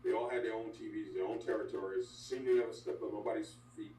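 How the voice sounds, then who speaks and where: An older man, a former wrestler, telling stories bluntly in an interview, animated and full of asides. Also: fairly low pitch, fast talker. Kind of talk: candid storytelling interview. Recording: echoey room, distant mic, faint hum.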